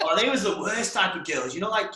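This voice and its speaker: Young male co-host, slightly high voice, sweary casual storyteller, echoey room. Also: lively intonation, fast, very noisy. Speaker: podcast co-host. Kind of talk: casual chat.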